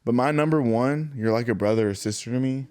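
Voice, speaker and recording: A man's voice: medium pitch, brisk, darkish tone, clean tone, dry recording. A man in casual podcast chat who laughs often and talks freely.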